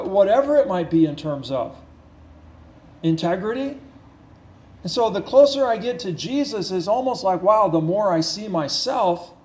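Guy preaching, kinda high voice, earnest, repeats stuff, slows down to hit points, roomy echo. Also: darkish tone. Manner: earnest, repetitive preaching with slowed emphasis and rising intensity. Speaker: pastor. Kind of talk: sermon.

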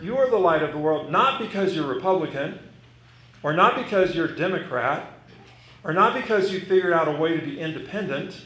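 A man's voice: fairly high pitch, fairly bright tone. A man with a slightly raised voice preaches a sermon, stressing and repeating his key lines. His voice rings in an echoey hall. A faint hum of noise sits underneath. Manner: emphatic, repeating key phrases. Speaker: pastor. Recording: echoey room with some noise.

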